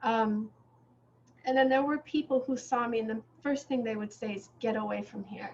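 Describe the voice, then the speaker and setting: A woman author, reflective and halting, telling a story in conversation with many fillers and restarts. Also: a little high, fairly even intonation, darkish tone. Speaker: author guest in a bookstore conversation. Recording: muffled lo-fi recording with faint noise.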